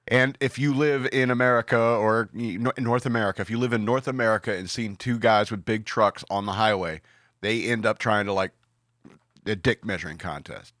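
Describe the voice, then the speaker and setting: A podcast co-host rambles through stories in casual conversation, acting out the quotes as he goes. His voice is fairly low and fairly bright with fairly even intonation at a moderate pace. The sound is clean and studio-dry, with no room echo.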